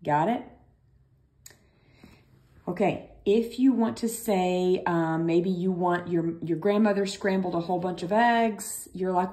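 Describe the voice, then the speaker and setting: A woman's voice: on the low side, normal speed, dark tone. A woman teaching a recorded French lesson, chatty and reassuring, thinking aloud as she explains.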